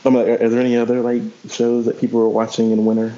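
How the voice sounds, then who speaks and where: A man's voice: mid-range voice, monotone, quick pace, dark tone. A man guest-hosting a casual podcast, talking hesitantly with lots of restarts. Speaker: guest co-host. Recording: dull lo-fi sound.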